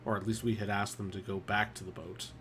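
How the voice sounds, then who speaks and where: A man playing in a tabletop game, speaking in character in a relaxed, hesitant way. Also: lowish voice, fast talker, faint music behind. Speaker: player. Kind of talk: casual in-character play.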